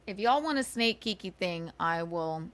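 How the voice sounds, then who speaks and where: A woman's voice: on the low side, lively intonation, normal speed, fairly bright tone. A woman hosting a livestream, ranting sarcastically with swearing and giggles. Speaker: livestream host. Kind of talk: casual livestream rant.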